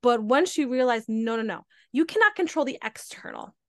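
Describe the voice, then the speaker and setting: A woman's voice: on the high side, animated, normal speed, fairly bright tone, no echo, studio quality. A young adult woman hosting a podcast, chatting casually with lots of "like" and "right?". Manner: chatty, filler-heavy, frequent "like" and "right?". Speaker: podcast host. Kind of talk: casual chat.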